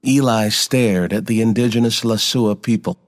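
A man giving a scripted first-person narration of a story in a measured, even manner. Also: fairly low pitch, long reverb tail.

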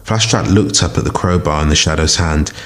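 A man giving a measured, dramatic scripted fiction narration as a story reader. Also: a bass voice.

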